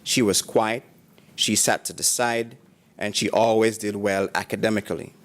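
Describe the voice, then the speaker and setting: A man at a graduation ceremony reading prepared tributes aloud, in a measured, formal manner and in short phrases. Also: lowish voice, steady tone, a bit bright.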